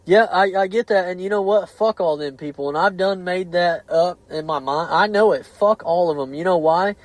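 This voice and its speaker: A man's voice: sits high, normal speed, no room sound, rough recording. A man, hosting a casual podcast chat, swearing heavily and speaking bluntly and heatedly.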